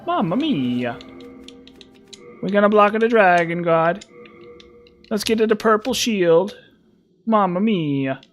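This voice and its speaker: A man's voice: sits high, very animated, a little fast, hardly any pauses, a bit bright, faint music behind, voice pushed up. A man putting on a hammy comic Italian voice. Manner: exaggerated, exclamatory. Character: comic stereotyped Italian man, cheerful and exclaiming.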